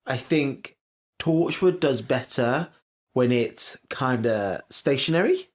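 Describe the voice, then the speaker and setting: A man's voice: medium pitch, lively intonation, slow. A young man co-hosting a podcast, chatting bluntly and swearing freely as he reviews a TV episode. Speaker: podcast co-host. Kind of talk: casual chat reviewing a TV episode.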